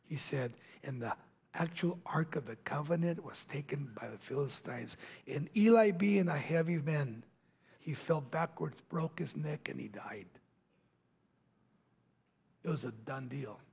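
High husky preacher guy, gravelly, acts out the bible story, goes real quiet sometimes. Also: animated, measured pace. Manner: dramatic, acts out quoted voices, drops to near-whispers. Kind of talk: sermon storytelling.

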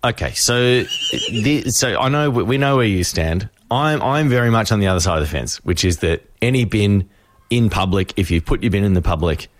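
A male radio host, telling a story with lively acted voices. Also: lowish voice, normal speed. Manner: animated storyteller, acts out voices.

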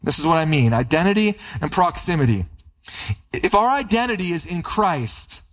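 A man preaching a sermon as a pastor, building emphatic runs and slowing on key lines. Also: a little high, big pitch swings.

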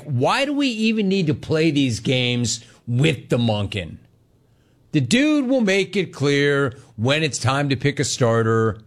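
A man hosting a sports talk show, riffing through opinionated commentary. His pitch swings widely as he slips into mocking impressions, and he laughs often.

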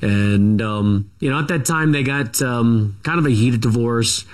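A middle-aged man being interviewed as a guest, telling a family story in a rambling, halting way with many asides. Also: mid-range voice.

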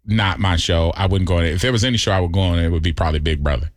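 A man's voice: low-pitched, racing, no room sound, clean studio sound. A man hosting a radio show, chatting casually in slangy speech and telling stories. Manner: animated, slangy, laughing storyteller. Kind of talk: casual morning radio banter. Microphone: studio microphone.

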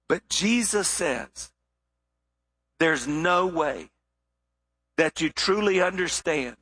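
Bright high-voiced preacher. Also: male voice, husky. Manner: storytelling preacher, drops to a hush for emphasis. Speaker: pastor. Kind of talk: sermon.

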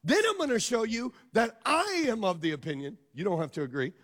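A man's voice: sits high, huge pitch swings, brisk, fairly bright tone. A male pastor preaching a sermon, emphatic and calling out questions to his congregation. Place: church sanctuary. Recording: long reverb of a large hall.

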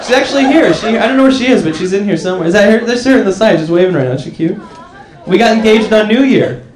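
Young guy doing stand-up, high bouncy voice, dry pauses, echoey room, crowd laughing. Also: expressive. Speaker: stand-up comedian. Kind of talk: stand-up comedy set. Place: comedy club stage.

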